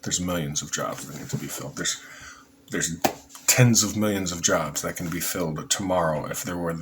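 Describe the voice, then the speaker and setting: A man's voice: low voice, moderate pace, noisy background. A man giving a casual, rambling opinion monologue for his vlog, often restarting his sentences. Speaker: vlogger.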